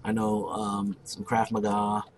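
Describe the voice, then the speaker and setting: A young man narrating his online game play, telling a loud, profane story about a fight. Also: fairly low pitch, monotone, a little slow, a crowd in the background. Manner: brash, profane, boastful storyteller. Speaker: gameplay commentator. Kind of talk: casual let's play storytelling.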